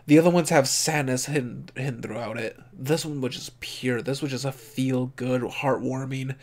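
A man giving casual, excitable reaction commentary as an anime reviewer, swearing and thinking aloud, openly moved. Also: mid-range voice. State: emotionally moved.

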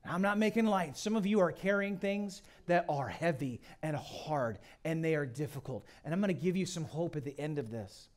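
A middle-aged man preaching a sermon. He tells the story dramatically, swinging from loud to hushed. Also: a little high, lively intonation, normal speed, few pauses. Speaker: guest pastor.

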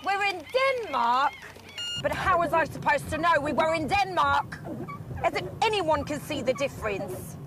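A woman's voice: high-pitched, lively intonation, moderate pace, a crowd in the background. A woman playing a bumbling, chirpy Eurovision spokesperson. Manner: bumbling, chirpy and self-important. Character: clueless chirpy female Eurovision spokesperson, middle-aged. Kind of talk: comic mock travel report. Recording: music playing underneath.

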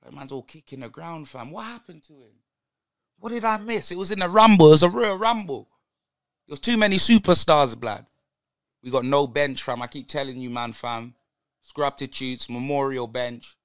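An excitable young man reacting live to a football match, peppering every line with street slang. His voice sits high and swings widely in pitch. The tone is bright and dry. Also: moderate pace, clear, resonant tone, no room sound. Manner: excitable, slang-heavy banter. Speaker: football fan channel host.

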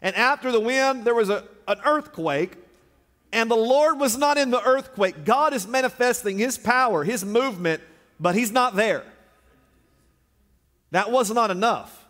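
Pastor, man, high voice, dramatic preacher who drops to a hush, live in a reverberant sanctuary. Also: animated, a little slow. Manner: dramatic, swinging from loud declarations to hushed low lines. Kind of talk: sermon. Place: large church sanctuary. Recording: long reverb of a large sanctuary.

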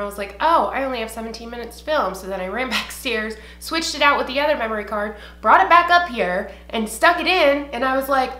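A young woman talks through her makeup routine in a loose, rambling way, swearing freely and still a little out of breath. Her voice sits fairly high and comes across bright and forceful. The room around her rings noticeably. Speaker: beauty vlogger. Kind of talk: casual get-ready-with-me chat. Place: home room, indoors. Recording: echoey room.

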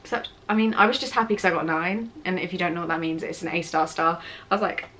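A woman's voice: lowish voice, fast, fairly bright tone. A young woman with a British accent from England, rambling and teasing herself as she answers viewer questions in a casual vlog. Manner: chatty, self-mocking, rambling. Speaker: vlogger. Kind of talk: casual Q&A chat. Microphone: camera on tripod with ring light.

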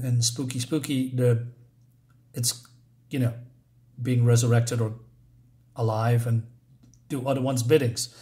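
A man's voice: medium pitch, darkish tone. A man casually recapping and reviewing a comic book, rambling with frequent fillers and self-corrections.

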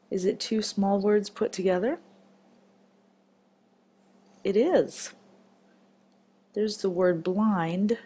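Slow, patient woman teaching phonics. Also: fairly low pitch, warm tone, breathy edge. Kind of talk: phonics lesson for children.

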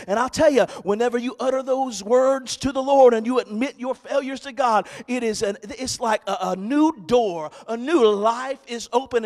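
A male pastor preaching a sermon, swinging from loud, shouted exhortation to quiet, hushed storytelling. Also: extremely high pitch, moderate pace, hardly any pauses, big-room sound.

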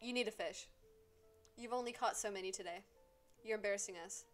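Excitable swearing woman streamer. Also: medium pitch, fairly quick, faint music behind. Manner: excitable, swears a lot, scolds game characters. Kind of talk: casual live gameplay commentary.

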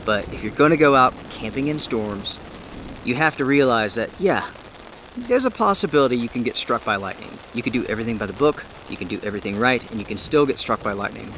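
A man's voice: mid-range voice, low-quality recording. A man from North Carolina talks casually to viewers while camping in the woods, out of breath at times. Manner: easygoing, chatty, addresses viewers directly. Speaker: outdoor vlogger. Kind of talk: casual vlog narration to camera. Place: outdoors under a tarp in a rainy forest. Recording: outdoor camera mic with steady rain noise. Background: rain falling on a tarp.

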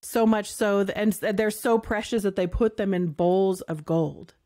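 A woman hosting a faith show, speaking heartfelt and emotional, halting and near tears at times. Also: mid-range voice, warm tone. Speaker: podcast host. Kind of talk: heartfelt faith talk to listeners.

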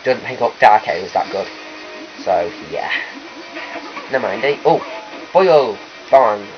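A man hosting a let's play speaks a little slowly in an expressive, lowish voice. His gameplay commentary is rambling, chatty and self-correcting, captured lo-fi with game music faintly audible.

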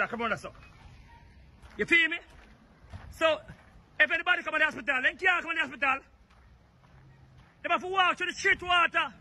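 High-pitched agitated Jamaican man outdoors. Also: pushed and bright. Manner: agitated, repetitive, pointing things out. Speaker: resident filming a local problem. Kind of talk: angry street complaint video. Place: outdoors by a flooded road.

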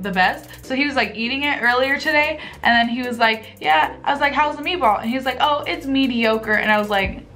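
A woman vlogger reading out comments in a casual, profane, joking way. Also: on the high side. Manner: animated, profane, jokey, reads comments aloud. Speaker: vlogger reading advice replies. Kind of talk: casual reaction vlog.

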